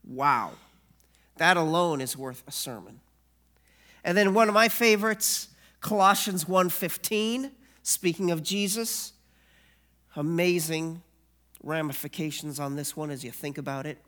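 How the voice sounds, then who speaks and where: Slow, deliberate preacher posing rhetorical questions. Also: mid-range voice, a bit bright. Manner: reads scripture aloud with rising emphasis. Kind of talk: sermon.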